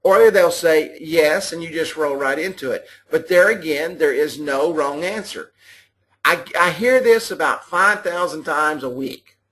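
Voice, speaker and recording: A man's voice: on the high side, a little slow, fairly bright tone. A man giving folksy, repetitive sales training over a live webinar, with clipping audio. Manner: folksy, repetitive, talks to listeners directly. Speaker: sales trainer for a mobile app business.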